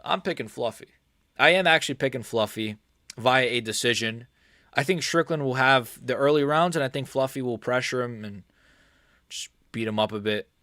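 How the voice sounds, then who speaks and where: A man's voice: mid-range voice, normal speed, pushed and bright, no echo, clean studio sound. A man rambling crudely through a casual livestream chat about fights. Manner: rambling, crude joking, trails off. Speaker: MMA streamer.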